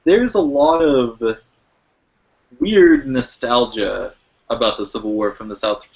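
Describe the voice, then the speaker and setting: A man in a casual podcast chat, speaking haltingly with stammered starts. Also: medium pitch, a little mellow. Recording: muffled lo-fi mic.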